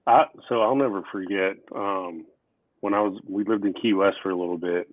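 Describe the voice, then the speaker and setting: A man's voice: low-pitched, moderate pace, no room sound. A man in his forties co-hosting a casual podcast chat, blunt and profane, telling heated stories. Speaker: podcast co-host. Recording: tinny phone-like line, dry.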